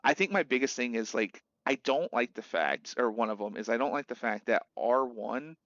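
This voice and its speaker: A man's voice: mid-range voice, normal speed, no room sound. A young man streaming, casually chatting about a video game and acting out quotes in different voices. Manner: animated storyteller, acts out quotes in voices. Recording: dull lo-fi dry mic.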